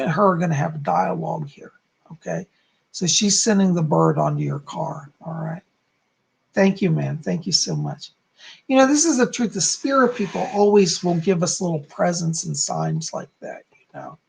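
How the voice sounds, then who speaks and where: Gravelly husky psychic man. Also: high-pitched, wildly swooping pitch, moderate pace. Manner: chatty, answers viewers one by one. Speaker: psychic medium. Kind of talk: live psychic readings for viewers.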